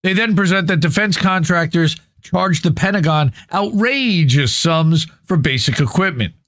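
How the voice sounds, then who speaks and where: A man's voice: a little high, animated, moderate pace, a bit bright, no room sound. A man hosting a podcast, reading an article aloud and breaking off to comment in a blunt, opinionated way, swearing casually as he goes. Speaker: podcast host.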